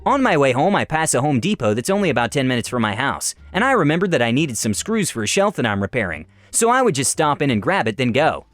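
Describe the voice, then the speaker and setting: A man narrating stories, reading them aloud in an expressive, animated way. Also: mid-range voice, fast talker, hardly any pauses, no room sound. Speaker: story narrator. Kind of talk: storytelling narration.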